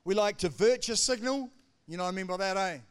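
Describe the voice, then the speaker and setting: High, resonant-voiced male preacher. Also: fast, clean tone. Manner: emphatic preaching, swinging between loud declarations and quiet asides. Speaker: pastor. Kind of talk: sermon.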